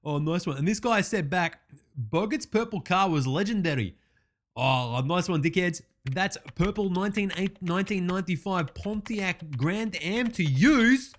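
A man's voice: high voice, animated, normal speed. A man doing an Australian accent and playing a brash, foul-mouthed sports bloke in a sarcastic comedy parody monologue. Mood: ranting. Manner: swears constantly, sarcastic, says mate a lot.

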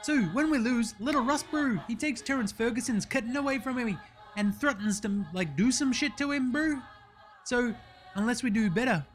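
Man doing a drawling Kiwi lad, high and easy. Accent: New Zealand. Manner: drawling, says bro and eh constantly. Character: laid-back young New Zealand basketball player, man. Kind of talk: comedy sketch.

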